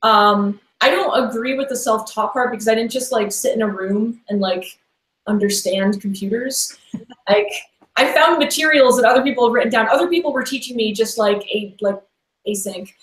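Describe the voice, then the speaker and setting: A woman's voice: fairly high pitch, normal speed, fairly bright tone. A woman guest in a casual interview, talking in a rambling, chatty way with lots of "like" and restarts. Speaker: podcast guest. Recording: echoey room sound.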